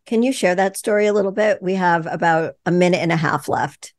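This is a woman in her sixties with a notably low voice. She chats casually and reassuringly, laughing often. The sound is close and dry. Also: brisk, no room sound. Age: 60s. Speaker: podcast host. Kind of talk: casual chat.

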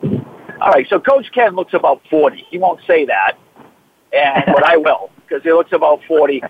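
A man's voice: on the high side, moderate pace, breathy edge. Enthusiastic Boston man on a phone line. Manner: rambling, enthusiastic. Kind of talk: casual radio talk.

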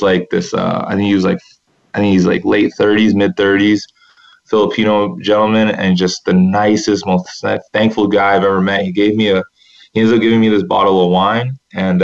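A man's voice: fairly low pitch, creaky. A man who played basketball professionally overseas, telling a personal story in an earnest, rambling way with many restarts, seated at a table. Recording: dull, muffled recording.

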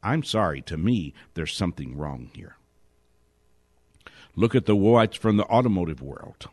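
A man giving a spoken commentary monologue, indignant, asking question after question and dropping to a hushed whisper for emphasis. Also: low-pitched, lively intonation, dry recording. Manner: indignant, rapid rhetorical questions. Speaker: host.

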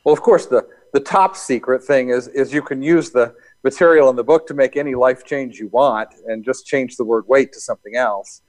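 A man interviewed as a hypnosis and NLP coach, explaining his work in a calm, easygoing way. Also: medium pitch, moderate pace, hardly any pauses. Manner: calm, explanatory, laughs easily. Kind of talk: casual interview talk.

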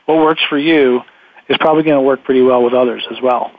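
A man's voice: mid-range voice, fairly even intonation, quick pace. A man co-hosting a podcast, reflecting aloud with many fillers. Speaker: podcast co-host. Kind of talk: conversational chat. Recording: phone-line sound.

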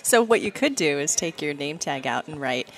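Radio host, woman, lowish voice, chatty, giggly, filler-heavy. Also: big pitch swings, moderate pace. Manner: bubbly, laughs often, many fillers. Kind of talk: casual interview chat. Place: busy event floor.

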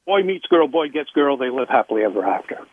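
A man's voice: fast, dry recording. Emphatic man on a tinny phone line. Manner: emphatic, animated pitch jumps. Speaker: public speaking coach, guest. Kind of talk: interview talk.

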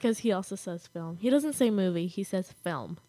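A woman's voice: medium pitch, expressive, normal speed, warm tone, no room sound. A teenage girl from the American Southwest, chatting casually as a podcast co-host, giggly and gushing with enthusiasm. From United States, Arizona and Colorado. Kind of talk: casual chat.

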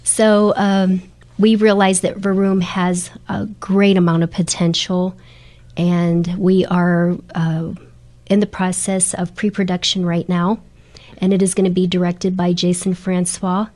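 Middle-aged woman guest telling stories, earnest, animated, kinda low voice. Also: a little slow. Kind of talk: storytelling interview chat.

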